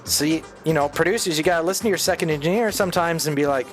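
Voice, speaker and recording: A middle-aged man livestreaming a game, chatting casually and telling rambling, animated stories with plenty of swearing. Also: on the high side, quick pace, soft background music. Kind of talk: casual livestream chat while playing.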